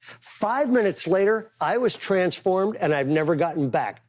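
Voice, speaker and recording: A man's voice: high voice, expressive, measured pace. A man preaching a conversational sermon as pastor, telling stories with casual, emphatic asides.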